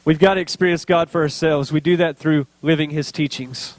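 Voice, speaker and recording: A male pastor delivering a heartfelt sermon, his voice sitting notably high for a man. He speaks earnestly and presses harder as his feeling grows. The sound is dry and close, with no room around it. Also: steady tone, brisk, no room sound. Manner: earnest, rising to emotional intensity.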